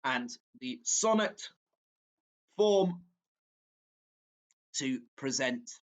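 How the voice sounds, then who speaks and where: Slow, halting male teacher. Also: medium pitch, animated. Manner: slow, halting, with frequent fillers and self-corrections. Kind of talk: exam walkthrough lesson.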